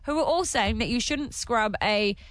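A woman's voice: on the high side, moderate pace, dry recording. Chatty woman radio host, dry sound. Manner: chatty, animated storyteller. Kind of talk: casual radio banter.

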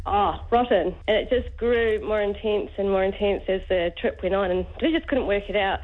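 A New woman calling in to a radio show, telling a travel story in a rambling, hesitant way. Her mid-pitched voice comes through a thin, tinny phone line. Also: normal speed. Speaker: caller.

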